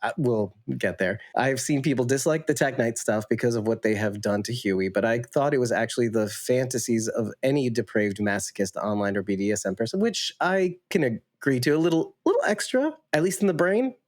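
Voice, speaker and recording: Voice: medium pitch, lively intonation. A co-host in a casual TV recap chat who reads out viewer comments. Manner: chatty, reads comments aloud quickly. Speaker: podcast co-host.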